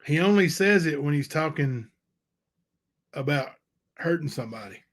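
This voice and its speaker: A male livestream host reading letters aloud and commenting on them, halting and unsure, with many fillers. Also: a little high, expressive.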